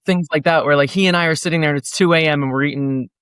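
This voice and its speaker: Rambling man with a raised pitch. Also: fairly even intonation, very fast, a bit bright, clear, resonant tone, no echo. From New Jersey. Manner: rambling, heavy "like" fillers, acts out quotes. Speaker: guest musician. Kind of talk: casual interview chat.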